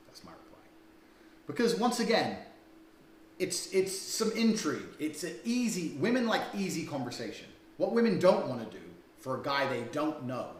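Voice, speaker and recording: A man's voice: fairly high pitch, reverberant, recorded from a distance. A man giving a blunt, profane lecture for a dating course, talking crudely and emphatically.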